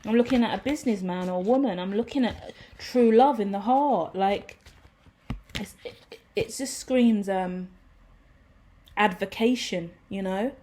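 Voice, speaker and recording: A woman giving a casual, rambling tarot reading to her viewers, excitable, swearing freely and laughing at herself. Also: mid-range voice, measured pace, long pauses. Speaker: tarot reader.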